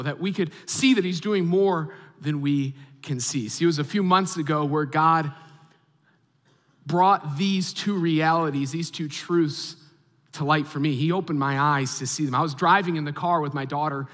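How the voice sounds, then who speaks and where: A man in his thirties preaching a sermon as a pastor, telling a story with animated, acted-out reactions. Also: high voice. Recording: long hall reverb.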